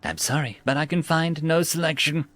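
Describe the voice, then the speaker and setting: A man's voice: on the high side, moderate pace, fairly bright tone, no room sound, soft background music, natural voice. A man voicing a petty, smug male food dispenser machine with stiff, politely formal speech. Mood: prim.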